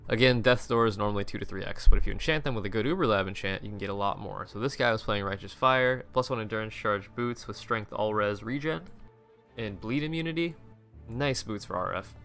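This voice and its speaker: A man's voice: fairly low pitch, brisk, a bit bright, faint music behind. A young man casually commenting on game screenshots, rambling with many restarts and frequent swearing. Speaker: gaming video creator.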